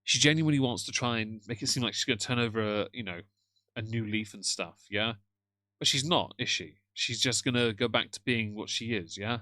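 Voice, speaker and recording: Sardonic man, bright dry voice. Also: fairly low pitch, fairly quick, no echo. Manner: sardonic, mocking, chatty asides to viewers. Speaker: livestream host. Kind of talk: casual live-stream commentary. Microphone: headphones on, moderating chat from a phone.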